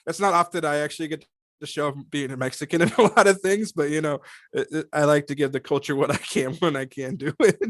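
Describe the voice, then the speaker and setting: Animated, laughing male voice actor. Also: fairly high pitch, brisk, no room sound, clean studio sound. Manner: animated, laughs often, slips into character voices. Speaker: voice actor guest. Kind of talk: casual interview chat.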